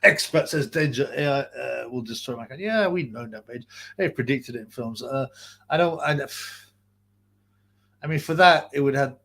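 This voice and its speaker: Male streamer, husky voice, mid pitch, loose sweary rambling commentary. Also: expressive, normal speed, fairly bright tone. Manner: rambling, profane, restarts sentences often. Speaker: boxing channel host. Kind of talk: casual live-stream rant.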